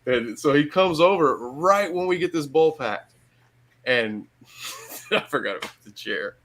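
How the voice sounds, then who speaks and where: A man's voice: fairly high pitch, expressive, measured pace, fairly bright tone, rough recording. A middle-aged man from Michigan, telling a story in casual podcast chat, swearing and laughing hard through it. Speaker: podcast guest.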